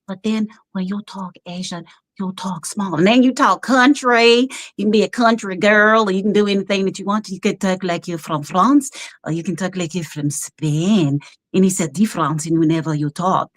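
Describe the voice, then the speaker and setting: A woman guest on a live-streamed video call, telling stories animatedly with frequent laughs and fillers. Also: mid-range voice. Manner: animated storyteller, quick to laugh, many fillers. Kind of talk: casual interview over a live stream.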